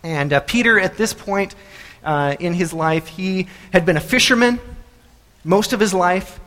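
A man's voice: high-pitched, a little slow, fairly bright tone, long reverb tail. A male pastor giving a sermon in a church, talking in a loose, conversational way full of fillers and restarts. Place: church sanctuary.

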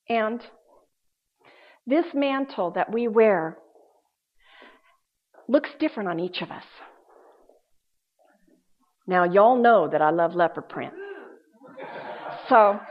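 A woman preaching a sermon, swinging between loud emphasis and hushed, quiet passages. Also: mid-range voice. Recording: dull lo-fi sound.

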